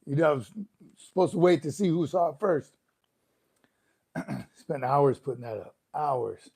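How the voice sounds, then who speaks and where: Older male host, casual live-stream chat, friendly and upbeat, slightly higher voice. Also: animated, unhurried, vocal fry, dark tone, slightly rough. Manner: upbeat, chatty, greets viewers by name. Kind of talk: casual livestream chat reading comments. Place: room at home.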